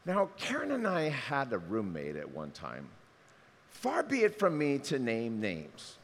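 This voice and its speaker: Animated man preaching in a reverberant hall. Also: medium pitch, a little slow. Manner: animated, acts out quoted voices. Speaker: pastor. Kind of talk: sermon.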